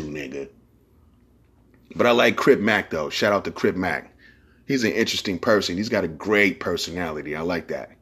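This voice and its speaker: A man's voice: lowish voice, husky. Give me a man hosting a podcast in a loose, profane monologue. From San Francisco Bay Area. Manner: profane, rambling, streetwise slang. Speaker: podcast host.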